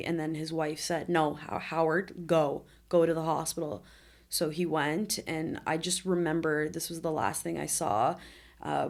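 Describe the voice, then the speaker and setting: Low-pitched and gravelly with a darkish tone, this woman in her twenties is a podcast interview guest. She candidly retells a traumatic accident, laughing through the hard moments in an emotional personal story.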